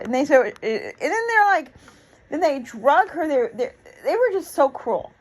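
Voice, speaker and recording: Her high, sing-song voice moves at a moderate pace as this woman in her 60s, a YouTube commentator, rambles emotionally through a reaction with lots of fillers and restarts. The audio quality is poor.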